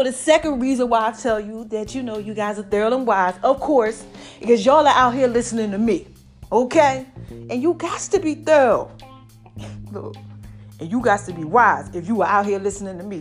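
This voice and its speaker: A woman hosting her own podcast, talking casually and excitedly to her listeners, laughing often. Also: on the high side. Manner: hyped, expressive, laughs often. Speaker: podcast host.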